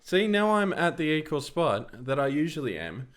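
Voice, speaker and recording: A man in his thirties, co-hosting a casual podcast chat, joking and excitable. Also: a little high, moderate pace, slight background noise. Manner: joking, excitable, breaks into loud laughter. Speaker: podcast co-host.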